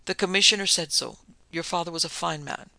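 A man's voice: on the high side, brisk, vocal fry, bright, forceful tone, dry recording, full character voice. A man reading a hard, stern detective. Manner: terse, clipped and stern. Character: hard, cold male detective who hates criminals.

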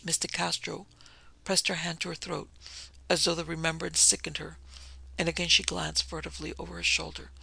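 A narrator reading a story aloud at a measured, steady pace, in the manner of an audiobook. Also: medium pitch, vocal fry, slightly rough, no room sound, rough recording.

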